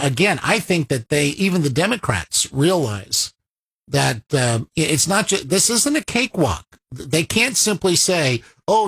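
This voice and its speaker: A man's voice: a little high, breathy edge. Sardonic man hosting talk radio. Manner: sardonic, chuckling asides. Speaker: radio talk show host. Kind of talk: political talk radio monologue.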